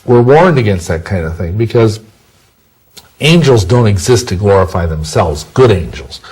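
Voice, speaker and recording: A man's voice: fairly low pitch, a little mellow, poor audio. A man answering interview questions in a rambling, self-correcting way, full of folksy sayings. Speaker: interview guest.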